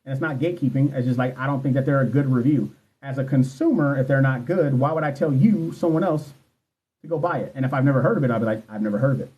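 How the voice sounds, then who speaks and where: A fast-talking man in his thirties, medium in pitch and a little mellow, comes through lo-fi on a phone livestream. As a nursing exam coach, he chats loosely and profanely, responding to viewer questions and speaking to them candidly.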